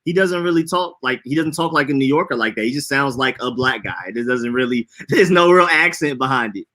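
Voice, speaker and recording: A young man with a slight Atlanta accent chats casually as a podcast co-host. He talks in an easygoing way, repeating words and laughing between points. His voice is bright and forceful. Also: mid-range voice, expressive, fairly quick. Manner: laid-back, laughs often, repeats words. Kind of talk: casual chat.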